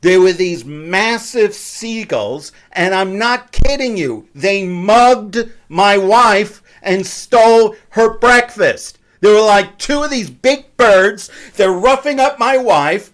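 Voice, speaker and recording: A man co-hosting, stammering and telling absurd stories with a deadpan edge. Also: sits high, takes it slowly, few pauses. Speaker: co-host. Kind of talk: comedic banter.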